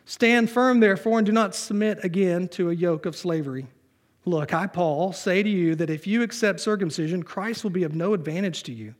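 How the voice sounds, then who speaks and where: A man's voice: sits high, fairly quick. A man preaching a sermon in a church. He reads scripture aloud and mixes in casual, joking asides. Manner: conversational preaching with humor, reading scripture aloud. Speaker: pastor.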